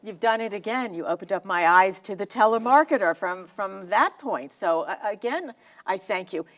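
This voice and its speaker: A woman's voice: medium pitch, animated, moderate pace, a bit bright. A woman hosting a TV studio interview, appreciative and conversational, restarting her sentences as she goes. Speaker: TV interview host.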